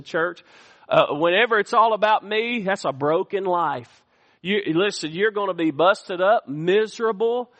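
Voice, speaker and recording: A man's voice: high voice, fairly bright tone. A man preaching a sermon, calling out to the congregation for amens in a church sanctuary. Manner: call-and-response preaching, asks the congregation for amens. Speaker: pastor. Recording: echoey church hall.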